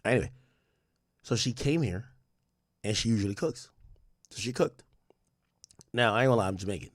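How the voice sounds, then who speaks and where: Animated man chatting to his stream. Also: fairly low pitch, normal speed, no echo, clean studio sound. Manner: animated storytelling with slang and profanity. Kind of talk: casual chat with a livestream audience.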